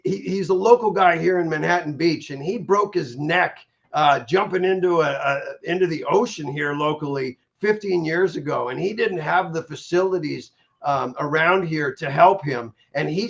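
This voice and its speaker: Gravelly high-voiced man, muffled audio. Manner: energetic, repeats words when starting sentences. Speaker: guest, stroke survivor. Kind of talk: candid interview talk. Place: in Los Angeles area.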